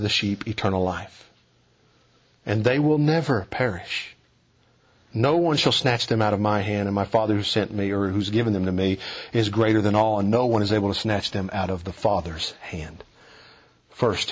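A man preaching a sermon, emphatic and building to forceful declarations. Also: fairly low pitch, breathy edge, dull audio.

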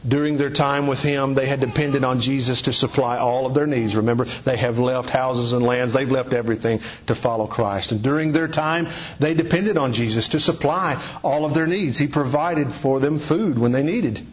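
A man preaching a sermon in an earnest, exhorting way, dropping low and rising to high emphatic peaks. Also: normal speed, few pauses. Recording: dull lo-fi recording.

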